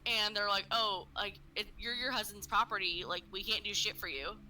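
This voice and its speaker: A woman's voice: medium pitch, steady tone, normal speed, pushed and bright, rough recording. A woman co-hosting a casual podcast, telling a story full of fillers and swearing and acting out what people said. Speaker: podcast co-host. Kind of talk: casual true-crime podcast chat.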